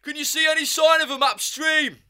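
A man's voice: very high voice, fairly even intonation, brisk, pushed and bright, voice pushed up, heavily acted. A man voicing a scornful male rat leader who sneers and mocks the others. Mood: impatient. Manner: sneering and contemptuous.

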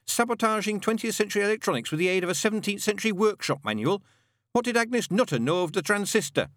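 A man's voice: sits high, animated, fast talker, fairly bright tone, no room sound, clean studio sound, pitched above the performer's own voice. A man reading an audiobook voices Newt, a nervous, hapless young man who rambles wretchedly. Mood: flustered. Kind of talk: audiobook narration.

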